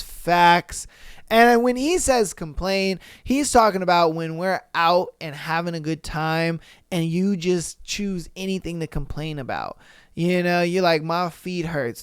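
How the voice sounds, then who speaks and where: High, smooth-voiced young man riffing. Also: no echo, studio quality. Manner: blunt, profane, joking, fast talker. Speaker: podcast host. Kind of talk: casual chat.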